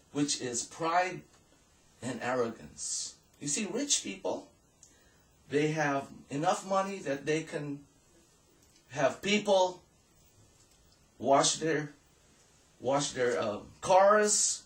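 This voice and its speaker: A man preaching a sermon as pastor, reading scripture aloud in a measured way. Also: fairly high pitch. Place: church hall. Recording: echoey room, voice from a distance.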